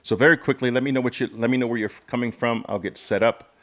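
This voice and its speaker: A man hosting a live online trading session, talking with plenty of fillers and repeating phrases, at times excitedly. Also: medium pitch, quick pace. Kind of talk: live webinar talk.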